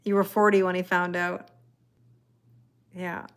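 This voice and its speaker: A woman's voice: lowish voice, level tone, measured pace, smooth. A woman reading tarot live and chatting with viewers in a rambling way, laughing often. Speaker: tarot reader. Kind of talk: live-stream chat reading viewer comments.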